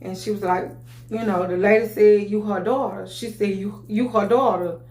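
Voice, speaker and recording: A woman's voice: medium pitch, steady tone, moderate pace, darkish tone. A woman tells her story casually and with feeling. Her mid-range voice keeps stopping and restarting, with "you know what I'm saying" in nearly every breath. The room around her is bare and echoey. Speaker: vlogger telling her story.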